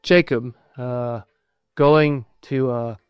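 A man preaching a sermon, reading scripture aloud and explaining it, with many pauses and filler words as he thinks aloud. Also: mid-range voice, steady tone, clear, resonant tone, no echo. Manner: halting, many ums and uhs, thinking aloud.

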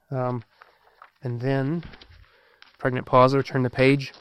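A man preaching a sermon, reading scripture aloud and explaining it, with many pauses and filler words as he thinks aloud. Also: medium pitch, monotone, a bit bright, clean tone. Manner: halting, many ums and uhs, thinking aloud.

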